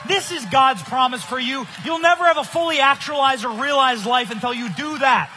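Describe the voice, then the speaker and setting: A young man giving a loud, emphatic political rally speech at a conference. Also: extremely high pitch, moderate pace, a little hiss or hum. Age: young adult. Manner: loud, shouting, emphatic delivery. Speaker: conference speaker. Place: conference stage.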